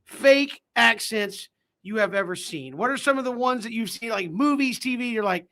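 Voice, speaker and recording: A man hosting a casual sports talk radio show, lively and quick to laugh. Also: extremely high pitch.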